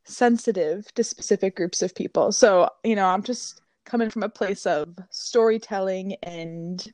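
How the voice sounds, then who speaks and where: A woman's voice: mid-range voice, darkish tone, dry recording. Casual young woman, dry close sound. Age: young adult. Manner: casual and slangy, quick back-and-forth. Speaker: podcast co-host. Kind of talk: casual podcast chat.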